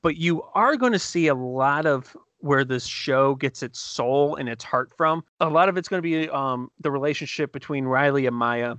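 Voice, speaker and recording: A man co-hosting a casual podcast, excitedly retelling TV scenes with quick laughs and restarts. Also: medium pitch, no echo. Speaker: podcast co-host reviewing TV episodes. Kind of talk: casual chat.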